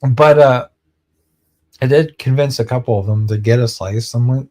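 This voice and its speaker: A man streaming, telling a rambling casual story and acting out his friends' lines in quick quotes, laughing and swearing now and then. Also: mid-range voice, a little mellow.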